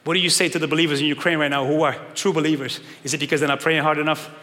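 A male pastor preaching a sermon with emphatic swings from shouting to low, quiet stretches. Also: level tone, racing. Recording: long reverb of a large hall.

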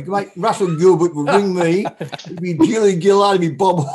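A man's voice: sits high, a little mellow, husky. An Australian man telling stories as an interview guest, blunt and crude, laughing often. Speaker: guest, former footballer. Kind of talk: casual storytelling.

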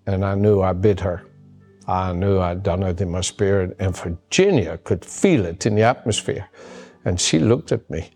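A man's voice: low-pitched, normal speed, darkish tone, soft background music. A man preaching a sermon as a pastor, earnest and emphatic, often repeating his key words. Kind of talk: sermon with personal story.

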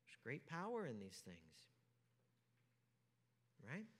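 A man preaching a sermon as pastor, emphatic, asking rhetorical questions and swinging from hushed to loud. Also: fairly high pitch, huge pitch swings, slow pace. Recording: long hall reverb.

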